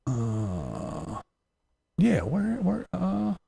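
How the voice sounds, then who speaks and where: A man's voice: high-pitched, huge pitch swings, very slow, gravelly, dark tone, slight background noise. A man hosting a casual livestream, reading comments aloud and ranting bluntly with profanity and chuckles. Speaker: livestream host.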